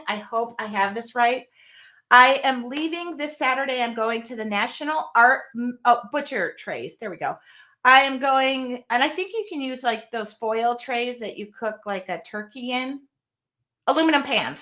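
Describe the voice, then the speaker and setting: A woman's voice: fairly high pitch, pushed and bright. Chatty woman unboxing craft paints. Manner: chatty and rambling, reading viewer comments aloud. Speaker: craft video host. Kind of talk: casual live unboxing chat. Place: home art studio.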